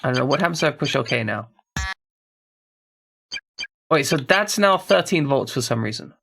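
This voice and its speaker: A man's voice: medium pitch, lively intonation, normal speed, creaky, noisy background. A man streaming a video game, thinking aloud in a puzzled, casual way with profane asides. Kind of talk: casual gameplay commentary.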